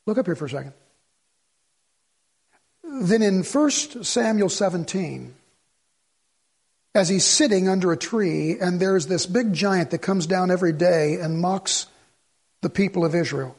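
A man preaching a sermon as the pastor, swinging from loud exhortation to low, earnest asides. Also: normal speed, long pauses, husky.

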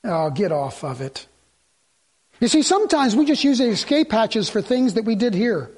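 A man preaching a sermon as pastor, swinging between loud urgency and hushed pleading. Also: sits high, sing-song, normal speed, slightly rough.

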